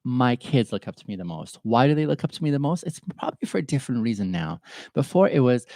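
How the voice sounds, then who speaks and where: A man's voice: medium pitch, big pitch swings, fast talker, dark tone, no room sound. A middle-aged man hosting a solo podcast, speaking earnestly and from the heart with a stuffy, sniffly nose. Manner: earnest, heartfelt and openly emotional. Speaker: podcast host. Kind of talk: reflective solo podcast monologue.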